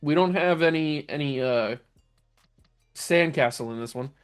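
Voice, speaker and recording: Over soft background music, a young gaming YouTuber with a fairly high, clean-toned voice takes an unhurried pace. He laughs and chats casually, working his way through a list of odd player names as he comments on the game.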